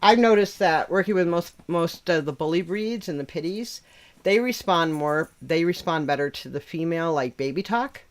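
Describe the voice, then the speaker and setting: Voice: medium pitch, expressive, normal speed. A livestream host who chats casually and bluntly, swearing freely and laughing often.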